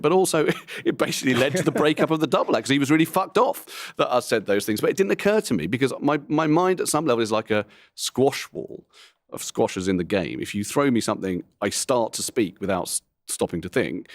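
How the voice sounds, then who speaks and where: A man's voice: mid-range voice, very animated, dry recording, studio quality. A middle-aged man, a comedian, talking candidly in an interview, rambling and self-deprecating with frequent asides. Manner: frank, rambling, self-deprecating, quick to laugh. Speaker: comedian guest.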